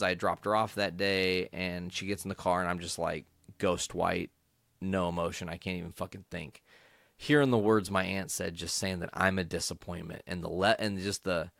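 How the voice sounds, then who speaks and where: A man's voice: low voice, a bit bright, dry recording, studio quality. A young adult man hosting a podcast, telling a personal story with angry, profane, emphatic outbursts. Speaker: podcast host.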